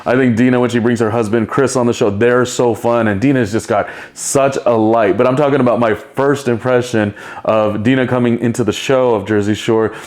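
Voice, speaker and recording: A man's voice: medium pitch, fairly even intonation, a little fast, darkish tone. A man hosting a solo podcast, talking in a chatty, rambling way and laughing often. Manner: chatty and rambling, with playful impressions and frequent laughs. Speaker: podcast host. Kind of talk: casual solo commentary.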